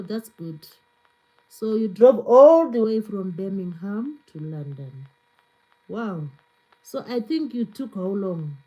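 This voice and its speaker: Slow, mellow-voiced woman chatting with viewers. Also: medium pitch, rough recording. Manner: chatty, reads out viewer comments and answers them. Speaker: cooking channel host on a live stream. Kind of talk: casual live-stream chat with viewers.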